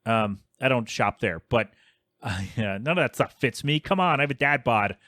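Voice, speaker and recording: A man's voice: medium pitch, expressive, moderate pace, sharp tone, dry recording. A man in his thirties hosting a podcast, rambling casually with plenty of fillers and grumbling asides. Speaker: podcast host.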